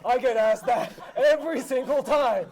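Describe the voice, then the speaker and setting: A man's voice: very high voice, normal speed, a little mellow. A man playing a boastful male noble who spins absurd, grandiose tall tales in a theatrical storytelling manner. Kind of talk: improvised tall-tale role-play. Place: live convention panel room.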